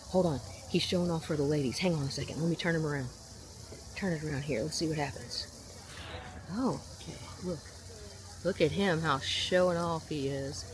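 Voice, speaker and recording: A woman, chatting casually as she films her visit to a farm, often breaking into a high, gushing voice at the animals. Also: slight background noise. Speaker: vlogger. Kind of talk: casual outdoor vlog narration. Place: outdoor farm attraction. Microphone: handheld camera mic.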